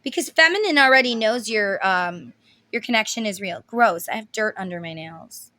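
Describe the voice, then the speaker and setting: A woman in her thirties speaks bluntly in a casual tarot reading. She gets emotional and swears freely. Her voice has a bright, sharp edge. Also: mid-range voice, expressive, normal speed. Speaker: tarot reader.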